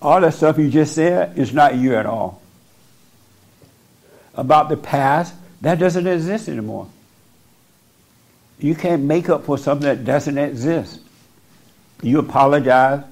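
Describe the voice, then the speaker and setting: A man counsels a listener in a preaching manner, blunt and insistent, hammering the same points again and again. His voice sits a little higher than most men's. He talks into a microphone. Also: darkish tone. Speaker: spiritual counselor. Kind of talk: preaching counsel to a person in front of him. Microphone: speaking into a microphone.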